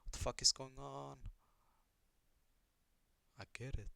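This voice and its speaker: A man's voice: mid-range voice, steady tone, takes it slowly, creaky, pushed and bright, no room sound. A young man giving casual reaction commentary on an anime, swearing a lot, rambling and asking puzzled questions.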